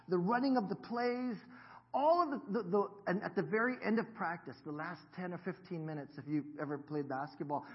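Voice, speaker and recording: A man in his fifties preaches in a church, joking and talking easily with his congregation. His voice sits a little high for a man. The recording sounds dull and lo-fi. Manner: jokey, self-deprecating, chatty with the congregation. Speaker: pastor. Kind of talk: sermon. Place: church sanctuary.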